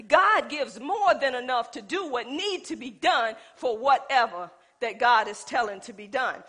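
A woman pastor with a high-pitched, sharp voice preaches a sermon in a colloquial style. She calls out to the congregation and acts out little scenes from her own life.

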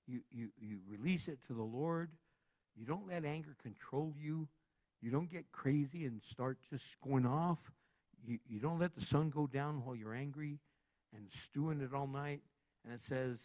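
A man preaching a sermon in a lively, conversational way, acting out little everyday scenes as he goes. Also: on the high side. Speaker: pastor.

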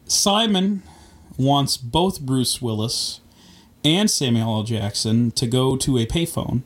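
A man's voice: mid-range voice, lively intonation, takes it slowly. A man co-hosting a podcast, casually riffing on a movie with jokes and pop-culture tangents. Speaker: podcast co-host. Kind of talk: casual chat recapping a movie.

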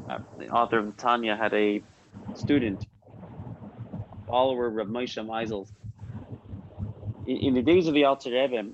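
A man giving an informal religious lesson, telling stories in a conversational way with frequent restarts and questions to his listeners. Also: mid-range voice. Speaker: rabbi teaching a class. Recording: slightly muffled recording with faint noise.

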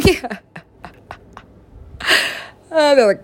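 Woman, casual rambling storyteller, lowish voice, laughs and curses freely, animated self-quotes. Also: moderate pace, pauses often. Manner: giggly, swears a lot, acts out her own quotes with big pitch swings.

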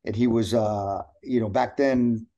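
A middle-aged pro wrestler, appearing as a guest, chats casually in a lowish, unhurried voice, animatedly telling stories and acting out the voices of the people in them. The recording is muffled.

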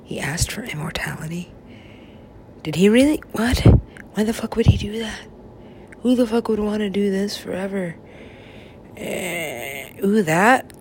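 A woman's voice: medium pitch, unhurried, pauses often, a little mellow, slight background noise. A woman rambling in a drifting, profane monologue that often drops to a whisper.

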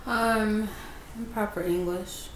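A woman's voice: medium pitch, steady tone, slow, a crowd in the background. A woman in a casual group chat with a dry, matter-of-fact way of speaking. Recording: echoey room with faint noise.

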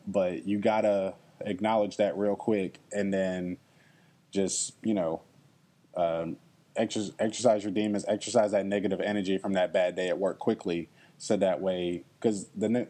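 A man's voice: fairly low pitch, mellow. A young man hosting a podcast, talking earnestly and reflectively to listeners, often checking in with "okay?" and at times getting emotional. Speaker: podcast host. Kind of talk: reflective solo podcast talk.

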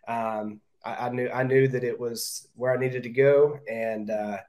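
A man's voice: mid-range voice, fairly even intonation, measured pace, a little mellow. Plain-spoken male real estate agent. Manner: direct, repeats words when thinking aloud. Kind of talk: casual interview talk.

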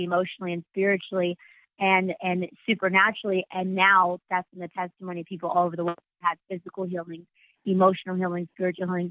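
A woman's voice: lowish voice, dry recording. A woman speaking as a guest author, sharing a personal testimony in an earnest, flowing way. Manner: earnest, flowing, faith-filled speech. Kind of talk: phone interview, personal testimony. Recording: tinny phone line.

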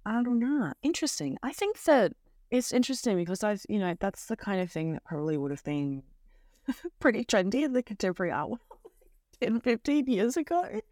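A woman co-hosting a podcast in casual chat, talking quietly at home in a soft morning voice, full of "like" fillers. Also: medium pitch, big pitch swings, fairly quick, dry recording, studio quality. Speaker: podcast co-host. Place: home, friend sleeping next room.

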